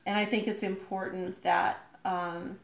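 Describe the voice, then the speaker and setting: A woman's voice: fairly low pitch, little pitch movement, unhurried. Sociable woman laughing in a roomy space. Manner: sociable, laughs often, earnest. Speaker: guest. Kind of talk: casual conversation.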